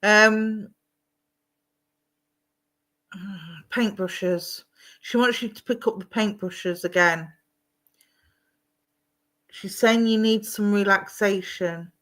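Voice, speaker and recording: Woman medium, chatty and affectionate, mid-pitched voice. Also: drawn-out words, long pauses. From London. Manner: warm, chatty, calls viewers "my darling". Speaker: psychic medium. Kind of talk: live-streamed psychic readings.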